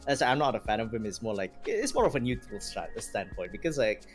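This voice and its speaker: A young man chats casually as a guest streamer on a podcast, his medium-pitched voice moving briskly over soft background music. He rambles in an animated way, laughing often and leaning heavily on fillers.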